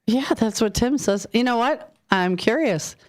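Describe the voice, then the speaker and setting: A woman's voice: a little high, animated. Chatty woman co-hosting morning radio. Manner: chatty, playful, quick to laugh along. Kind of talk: casual studio banter. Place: radio studio.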